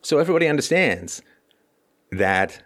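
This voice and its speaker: A man's voice: medium pitch, sing-song, normal speed, fairly bright tone. A man hosting a livestream, delivering a sarcastic, theatrical commentary monologue. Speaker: host and philosopher.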